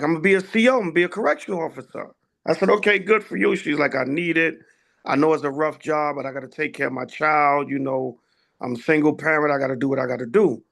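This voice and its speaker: Gravelly high-voiced man telling stories. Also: fairly bright tone. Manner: storytelling with many fillers and quoted dialogue. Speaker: elder teaching a class. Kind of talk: casual class discussion.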